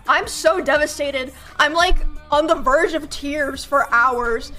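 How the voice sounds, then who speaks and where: A young woman streamer telling a story casually and animatedly, swearing and acting out shouts. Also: high-pitched, moderate pace, few pauses, faint music behind.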